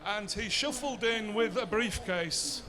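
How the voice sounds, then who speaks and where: A man's voice: high voice, a little slow, crowd noise. A man, giving a conversational conference talk and answering his own rhetorical questions. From Bradford, England. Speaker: seminar speaker.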